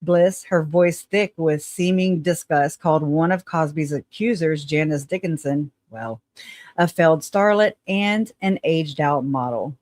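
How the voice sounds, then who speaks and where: A woman's voice: deep voice, a little slow, darkish tone, no room sound. Sarcastic woman with a Southern twang. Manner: sarcastic asides, reads with stumbles. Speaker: host. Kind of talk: casual commentary, reading articles aloud.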